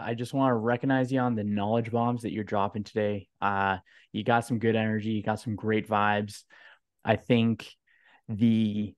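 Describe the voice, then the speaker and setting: A man's voice: fairly low pitch, darkish tone, dry recording, studio quality. A man hosting a podcast interview, talking in an upbeat, slangy way and hyping up his guest. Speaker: podcast host. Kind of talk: casual interview chat.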